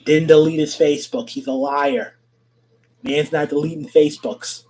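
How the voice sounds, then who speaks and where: A man's voice: a little high, very animated, moderate pace, creaky, a little mellow, poor audio. A man with a nasal voice, speaking in a video clip, defensively repeating himself and asking rhetorical questions.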